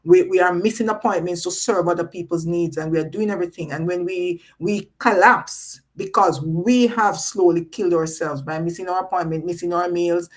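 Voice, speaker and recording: A woman's voice: on the low side, normal speed, hardly any pauses, low-quality recording. A woman hosting a live-streamed panel talk, stressing key points by repeating them and reading out viewer comments. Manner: reads out viewer chat comments. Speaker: host.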